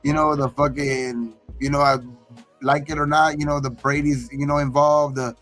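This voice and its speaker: A man's voice: on the high side, little pitch movement, normal speed, a bit bright, faint music behind. A man on a sports podcast venting casually, with lots of fillers and swearing. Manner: filler-heavy, frustrated, says "you know what I mean". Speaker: podcast co-host.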